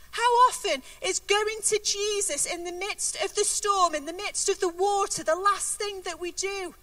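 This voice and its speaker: A woman's voice: extremely high pitch, pushed and bright, no room sound, recorded from a distance. A woman giving an earnest sermon, reading scripture aloud and repeating key words for emphasis. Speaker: preacher.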